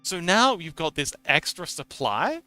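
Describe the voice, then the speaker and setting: Bright, clear-voiced man chatting casually. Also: on the high side, sing-song, unhurried, dry recording, faint music behind. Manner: rambling, repeats words, laughs often. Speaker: livestreamer. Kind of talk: casual explanatory chat.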